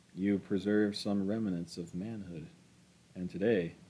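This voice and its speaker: A man voicing a scornful, blunt middle-aged woman in a read-aloud novel, louder and scolding. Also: low-pitched, slight background noise.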